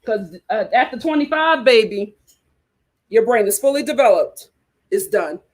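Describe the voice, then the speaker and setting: Chatty, animated woman hosting her channel. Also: a little high, normal speed. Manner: animated and chatty, laughs often. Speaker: YouTube host. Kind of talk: casual chat to viewers.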